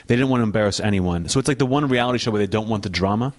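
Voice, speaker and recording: A man's voice: fairly low pitch, rapid-fire. A man, a comedian guest on a talk show, telling brash, sardonic anecdotes in casual chat.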